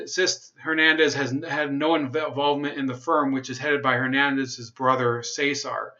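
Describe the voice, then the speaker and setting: A young man hosts a livestream, reading news aloud in a bright, tense voice. He drops into sarcastic remarks and reads out viewer comments. The sound is dull and lo-fi, like a home stream. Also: medium pitch, flat delivery, normal speed, few pauses, faint music behind. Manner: sarcastic, laughs at own jokes, reads chat comments. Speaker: livestream host.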